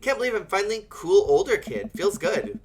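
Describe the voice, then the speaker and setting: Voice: medium pitch, sing-song, brisk, background noise, voice pushed up, close to an everyday voice. Streamer reading a sassy teenage daughter. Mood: playful. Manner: teasing, playful. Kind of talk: reading game dialogue aloud.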